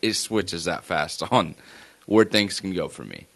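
A man co-hosting a sports podcast, talking casually in relaxed, self-mocking banter. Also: low voice, measured pace, creaky, no room sound. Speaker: podcast co-host.

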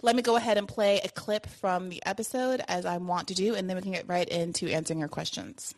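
A woman's voice: fairly low pitch, fairly even intonation, fast. A woman hosting a podcast in a casual, loose way, out of breath and correcting herself with a laugh. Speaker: podcast host.

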